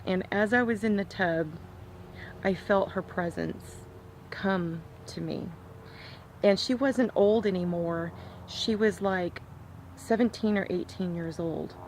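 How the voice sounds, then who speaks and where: Soft-spoken woman telling a personal story. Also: mid-range voice, slow, a little hiss or hum. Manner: soft, reflective, with hesitant fillers. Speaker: vlogger.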